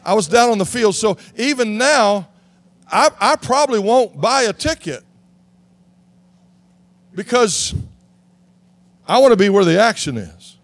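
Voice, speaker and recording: A man from Texas, preaching a sermon in an animated way that rises to shouts. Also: high voice, unhurried, pauses often, no echo. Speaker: pastor.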